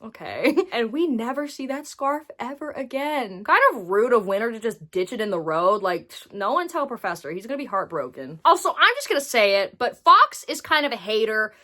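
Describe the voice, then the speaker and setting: A woman's voice: fairly high pitch, big pitch swings, brisk, few pauses, bright, forceful tone. A woman giving comedic movie commentary, sarcastic and incredulous, swearing freely. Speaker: movie reviewer.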